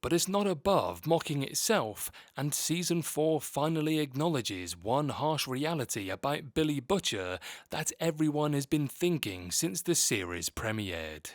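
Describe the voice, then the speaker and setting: A man narrating a scripted video essay in a steady, measured read. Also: fairly high pitch, dry recording, clean studio sound.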